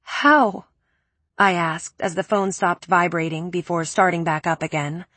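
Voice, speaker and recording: A woman's voice: on the low side, fairly even intonation, moderate pace, a bit bright, dry recording. A woman reading first-person audiobook narration with intense, emotional storytelling.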